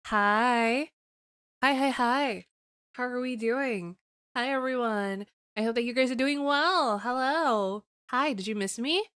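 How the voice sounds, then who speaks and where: A woman's voice: slow, fairly bright tone, smooth, no echo, clean studio sound. Playful teasing young woman streamer. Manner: teasing, playful, giggly, switches to a higher cutesy voice for greetings. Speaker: vtuber streamer. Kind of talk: casual chat with viewers.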